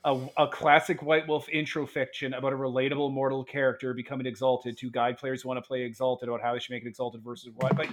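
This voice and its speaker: A man's voice: mid-range voice, flat delivery, fast talker, few pauses. Rambling chatty man, laughing a lot. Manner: rambling, laughing often, many restarts. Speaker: podcast co-host, game master. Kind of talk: casual chat about a tabletop game.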